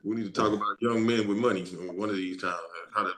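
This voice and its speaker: A young man joining a podcast chat, excitable and joking. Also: lowish voice, fast talker, a little hiss or hum. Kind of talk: casual chat.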